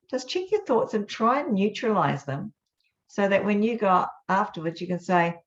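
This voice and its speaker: A woman's voice: mid-range voice, expressive. Earnest woman, lo-fi sound. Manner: earnest, reflective, with gentle pauses. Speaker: host. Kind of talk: motivational live talk. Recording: dull lo-fi sound.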